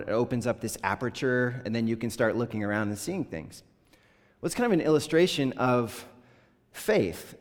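A man's voice: medium pitch, darkish tone. A man preaching a sermon as pastor, talking conversationally and voicing the scripture quotes with rising intensity. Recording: long reverb of a large hall.

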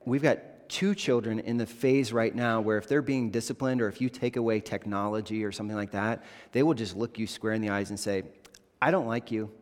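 A man's voice: on the low side, steady tone, a little fast, few pauses, darkish tone. A man in his thirties, a pastor preaching a sermon in an earnest, conversational way, acting out quoted asides. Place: church sanctuary. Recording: reverberant church hall.

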